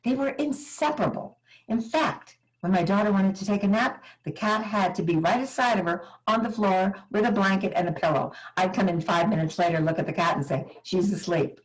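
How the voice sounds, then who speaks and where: An older woman giving a motivational keynote, telling personal stories with dramatic pauses. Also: mid-range voice, low-quality recording. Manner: animated, dramatic storytelling with pauses.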